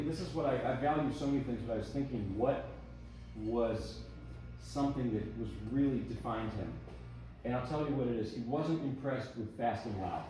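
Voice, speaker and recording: A man introducing pieces at a recital, talking in a relaxed, rambling and self-deprecating way. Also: mid-range voice, slight background noise. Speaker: pianist giving a recital talk. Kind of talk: casual spoken introduction between pieces. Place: recital hall. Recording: echoey hall, voice heard from far off.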